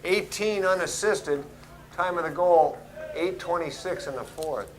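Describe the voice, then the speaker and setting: Male play-by-play caller, wry and crisp, higher pitch. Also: unhurried, rough recording. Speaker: play-by-play announcer. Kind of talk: play-by-play and booth chat.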